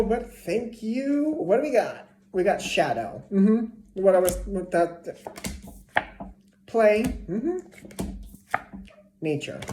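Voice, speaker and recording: A woman's voice: mid-range voice, mellow. A woman giving a casual tarot reading to a zodiac sign, chatty and repeating herself, sometimes dropping to a whisper. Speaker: tarot reader. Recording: echoey room with faint noise.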